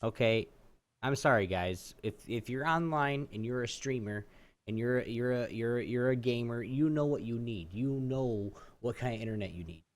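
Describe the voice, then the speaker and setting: A man co-hosting a podcast, ranting in casual chat and acting out phone calls with swearing, jumping from loud outbursts to low mutters. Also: normal speed. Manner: animated storytelling, swears, acts out phone calls. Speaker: podcast co-host.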